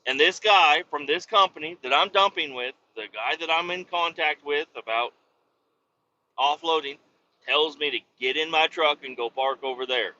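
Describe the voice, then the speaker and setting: A man's voice: on the high side, normal speed, sharp tone. A man hosting a podcast, casually telling a rambling, profane story about his work as a truck driver. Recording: dull lo-fi with faint noise.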